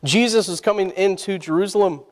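Preaching at a fairly quick clip in a high-pitched voice, a male pastor asks the congregation questions and invites them to answer back. His sermon echoes with the long reverb of a church sanctuary.

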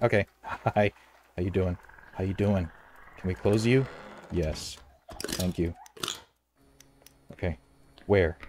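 Excitable man repeating himself while gaming. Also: lowish voice, a little slow, long pauses, faint music behind. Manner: excitable, keeps repeating phrases, flips between muttering and loud outbursts. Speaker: gameplay commentator. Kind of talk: horror game let's play commentary.

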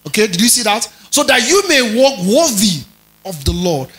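A man preaching a teaching sermon, stretching and stressing key words, rising to loud emphasis and checking in with his listeners. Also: sits high, sing-song, moderate pace, low-quality recording. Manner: checks in with listeners, tells them to underline words.

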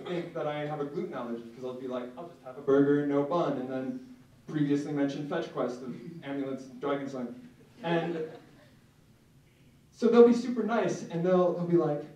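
Young male stand-up, higher voice, self-mocking deadpan, recorded from across a reverberant room. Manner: self-mocking, deadpan asides with many "like" fillers. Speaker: stand-up comedian. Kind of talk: stand-up comedy set. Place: comedy club stage. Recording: echoey room from far off, faint noise.

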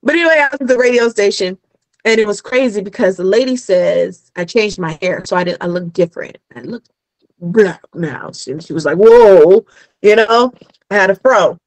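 A woman's voice: mid-range voice, normal speed, no echo, rough recording. A woman with a Caribbean accent, a podcast guest telling a personal story in casual chat and acting out the dialogue. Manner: animated, acts out quoted dialogue. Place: Los Angeles.

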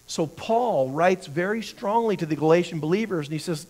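A man's voice: high-pitched, expressive, fairly quick, few pauses, darkish tone. A man teaching a church Bible class, who asks the class questions, answers them himself and often repeats words while he thinks.

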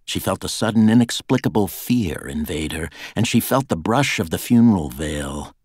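A man narrating a thriller audiobook in a measured, dramatic reading on a close studio mic. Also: low voice, expressive, a little mellow, slightly rough, no echo. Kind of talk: scripted narration.

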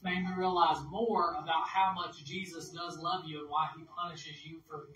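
A man's voice: fairly high pitch, little pitch movement, moderate pace, a bit bright, echoey room, far from the mic, highs cut off, slight background noise. A man, a minister telling a family story in a chatty, folksy sermon, laughing between phrases. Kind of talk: anecdotal sermon.

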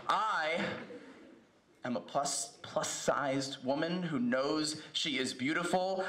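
A man reading a poem aloud in a slow, measured recitation. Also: high-pitched, sharp tone, reverberant. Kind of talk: poetry reading.

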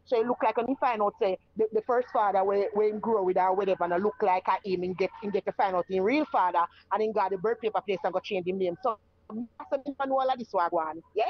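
A woman's voice: mid-range voice, fast, muffled recording, slight background noise. A woman with a Jamaican accent tells her own story in casual talk and acts out the voices of the people in it. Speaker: guest telling her story.

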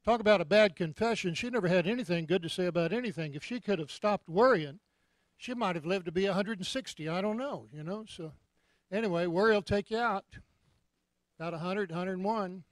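A man in his seventies preaching a sermon, jovial and joking, breaking into loud shouts of praise. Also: high-pitched, a little fast, dry recording. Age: 70s. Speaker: guest preacher.

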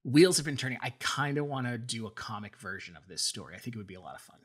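A man's voice: mid-range voice, expressive, quick pace, fairly bright tone, husky. A man co-hosting a podcast, retelling myths in a casual, playful way. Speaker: podcast co-host. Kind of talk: casual storytelling.

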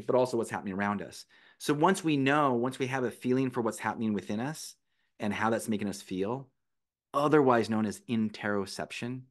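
A man who teaches meditation and breathing, a podcast guest patiently explaining his methods step by step in conversation. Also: fairly low pitch. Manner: patient, explanatory, walks through steps one by one.

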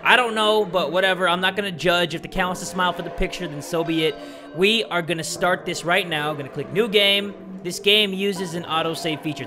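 A young man giving loud, jokey commentary as he plays a game. His pitch leaps all over the place. Background music plays throughout. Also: expressive, moderate pace. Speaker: gaming video host. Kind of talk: energetic let's-play commentary. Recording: music playing behind.

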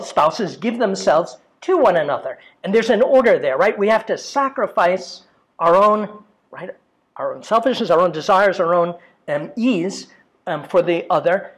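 A man giving an informal catechetical lecture in a parish hall, talking conversationally with many "um"s and tag questions like "right?". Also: high-pitched. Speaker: theology lecturer. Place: parish hall with a projection screen. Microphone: battery-powered microphone.

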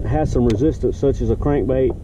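A man's voice: mid-range voice, fairly quick. Male fishing vlogger, easygoing and self-correcting, outdoors on a lake with a faint hiss behind him. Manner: rambling, self-correcting, folksy. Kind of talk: casual outdoor vlog narration. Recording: distant, muffled outdoor camera audio.

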